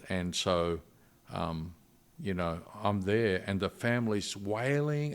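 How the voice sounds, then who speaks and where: A middle-aged man, a missionary guest, telling a personal story in a podcast interview in an earnest, halting way with frequent restarts. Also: sits low.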